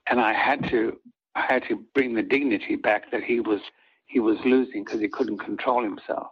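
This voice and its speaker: An older man, an actor guest in an interview, telling reflective stories in an earnest, halting way with many restarts. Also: lowish voice, steady tone, breathy edge. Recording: dull lo-fi audio.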